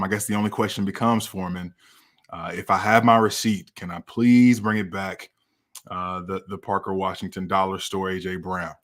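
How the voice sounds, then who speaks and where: A man with a very deep voice moderates a casual podcast. He ribs his co-hosts playfully and passes them the next question. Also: fairly bright tone. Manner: playful, teasing, hands off questions.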